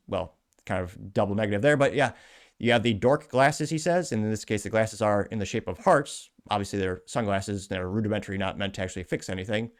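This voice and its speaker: Brief: male show host, deeper voice, reads posts aloud with snide asides. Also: fast. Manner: sarcastic, rambling asides. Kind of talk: commentary reading social media posts.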